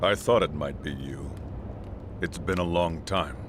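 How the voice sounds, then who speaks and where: An actor playing a grave, measured man in a game cutscene, speaking quietly and deliberately. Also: deep voice, background noise. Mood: solemn.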